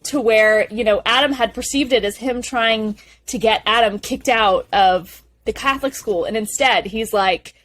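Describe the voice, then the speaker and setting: A young woman co-hosting a podcast, eagerly retelling film scenes in a gushing, animated way. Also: fairly high pitch, normal speed, few pauses. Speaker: podcast co-host. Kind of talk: casual film discussion chat.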